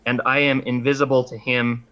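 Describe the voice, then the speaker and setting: A male player talks through his attack in a casual, halting way, full of small restarts. His voice is bright and a bit sharp. The sound is dull and lo-fi, as if from a cheap mic. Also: mid-range voice, little pitch movement. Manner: hesitant, with many fillers and restarts while describing his move. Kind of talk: casual play at a tabletop game.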